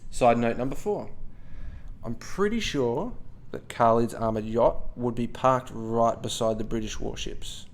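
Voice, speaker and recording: A man's voice: mid-range voice, a little slow. A man co-hosting a history podcast, telling the story in a playful, joking way with lots of asides. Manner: playful, jokey asides, frequent "okay?". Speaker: podcast co-host.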